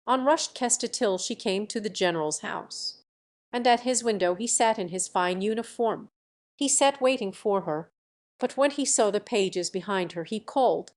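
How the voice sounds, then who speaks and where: A woman reading a classic fairy tale aloud as an audiobook narrator, expressive and lively. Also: medium pitch, moderate pace. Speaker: audiobook reader. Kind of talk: storybook narration.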